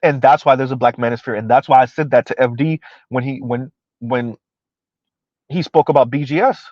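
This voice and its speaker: In a mid-range voice at a moderate pace, a man under forty delivers casual live-stream commentary that is emphatic and repetitive, full of ranting and frequent laughter. The sound is dry and a bit dull, with a lo-fi quality.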